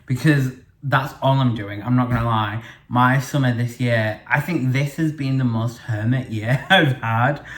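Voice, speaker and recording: A man's voice: mid-range voice, measured pace, few pauses, fairly bright tone. A young man from the UK hosting a casual solo podcast from his living room, chatty and rambling, full of fillers and self-corrections. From United Kingdom. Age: young adult. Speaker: podcast host. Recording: echoey room.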